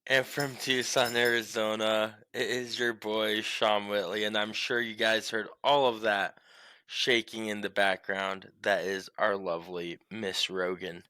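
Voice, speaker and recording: A young man co-hosts a casual sports podcast, rambling through stories with plenty of swearing and animated emphasis. His voice is bright and forward. The sound is dry and close, with no room echo. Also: fairly low pitch, measured pace, smooth. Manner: profane, rambling, animated storytelling. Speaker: podcast co-host.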